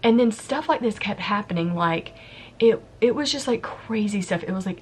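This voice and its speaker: A woman's voice: mid-range voice, animated, moderate pace, slight background noise. A woman in her thirties, a vlogger, casually telling a personal story to camera in a chatty, confiding way, often acting out what she said. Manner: chatty, confiding, quotes herself. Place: home, yard work heard outside.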